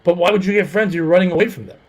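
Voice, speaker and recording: A man's voice: high-pitched, steady tone, rapid-fire, darkish tone, rough recording. A man hosting a comedy podcast, telling a rambling self-deprecating story full of fillers. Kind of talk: casual storytelling chat.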